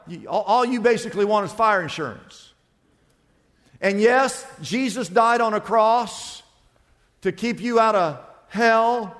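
Male pastor, high voice, emphatic storytelling sermon, echoey hall. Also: a little slow, a bit bright.

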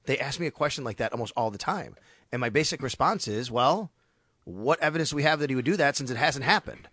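Bright-voiced man on sports radio. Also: medium pitch, quick pace, no echo, studio quality. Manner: animated, storytelling with quoted asides. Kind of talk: casual sports radio chat.

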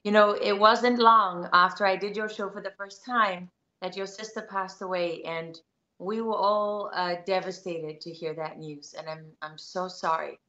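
A woman's voice: on the low side, fairly even intonation, a little slow, sharp tone, lo-fi sound. A woman journalist giving interview answers, earnest and insistent as she builds her case step by step. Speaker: guest journalist.

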